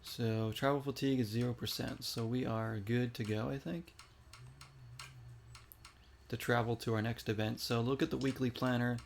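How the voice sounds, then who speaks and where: A man's voice: medium pitch, steady tone, normal speed, vocal fry, pauses often, a little hiss or hum. A man giving casual, chatty commentary while playing a video game and reacting aloud to each shot. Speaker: gaming streamer.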